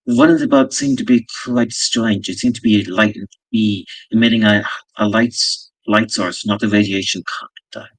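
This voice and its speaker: A gruff wasteland survivor with a put-on Berlin German accent, as a man voices him. He speaks slowly and haltingly, his low voice gravelly and pitched up and down in lively swings. The mic sits some distance away. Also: no echo, exaggerated voice. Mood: wary.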